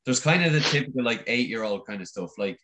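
A man's voice: mid-range voice, lively intonation, quick pace, fairly bright tone, slight background noise. A young Irish man in casual chat, easygoing and teasing, swearing now and then.

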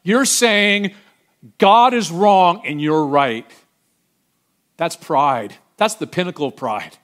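A middle-aged man preaching with lively energy, his voice sitting a bit high for a man. He acts out the voices of the people in his stories and drops to near-whispers for the tender moments. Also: slow pace. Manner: animated preaching, acting out voices, swinging from loud to hushed. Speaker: pastor. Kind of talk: sermon.

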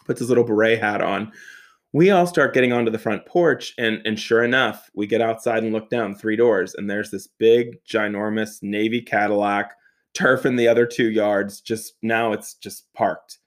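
A young man with a lowish voice tells a comic personal story, animated and laughing often. He swears and tosses in quick asides.

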